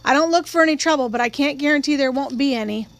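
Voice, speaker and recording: A woman's voice: sits high, fast talker. A woman reading the part of a cautious, uneasy middle-aged small-town sheriff.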